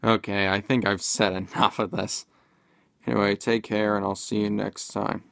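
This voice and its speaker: A man's voice: fairly low pitch, flat delivery, normal speed, creaky, a bit bright, no room sound. A man casually commenting in a vlog, rambling and hesitant with many fillers and restarts. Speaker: video commentator.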